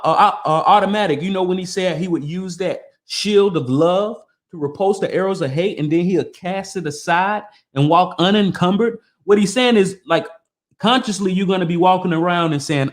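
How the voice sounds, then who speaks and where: A man hosting a podcast, reading a motivational text aloud in an earnest, emphatic way and breaking off for casual asides. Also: fairly high pitch. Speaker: podcast host.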